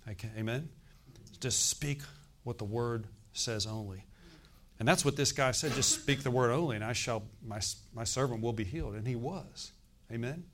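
Male pastor, sixties, animated sermon storyteller, acts out dialogue, quiet asides. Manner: animated storytelling, acting out quoted dialogue with rising pitch and volume; drops into quiet, confiding asides. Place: church.

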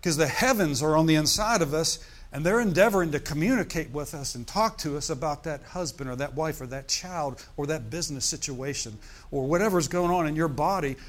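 Preaching to his congregation, a middle-aged pastor speaks on the high side and a little fast. He sprinkles his sermon with "amen" and "hallelujah" as call-and-response asides.

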